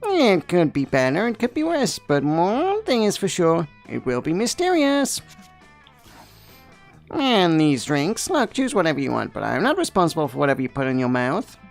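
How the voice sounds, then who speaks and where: A woman's voice: lowish voice, huge pitch swings, normal speed, faint music behind. A woman voicing a male magical cat, a mysterious wizard bartender who talks in a teasing, theatrical way.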